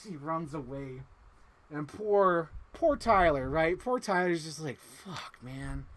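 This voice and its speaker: Excitable, cursing man recapping a movie. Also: a little high, slow. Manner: excitable, swears freely, gets emotional. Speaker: livestream movie reviewer.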